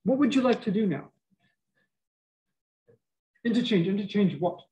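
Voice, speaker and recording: A middle-aged professor with a Boston accent teaches a math class in a rather high voice. He jokes with the students between steps. His words come through a face mask, a little muffled. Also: moderate pace. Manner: animated, joking asides to students. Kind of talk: university lecture.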